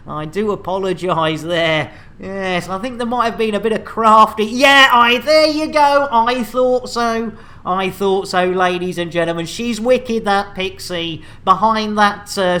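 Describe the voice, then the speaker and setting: A man's voice: sits high, bright, forceful tone. A man casually bantering while streaming a game, rambling and joking with laughs. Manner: jokey, rambling, laughs a lot.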